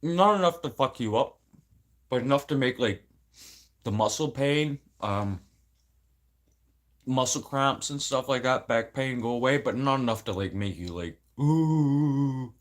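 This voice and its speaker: A man's voice: mid-range voice, unhurried, pauses often, fairly bright tone. An adult man venting casually to camera, blunt and rambling, swearing constantly and sounding aggrieved. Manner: emotional, aggrieved. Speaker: vlogger.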